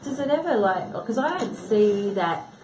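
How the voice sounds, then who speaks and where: A woman hosts a live TV chat, full of eager questions and quick nods of agreement. Her voice echoes in a roomy studio. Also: medium pitch, animated, darkish tone, distant mic, slight background noise. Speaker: host.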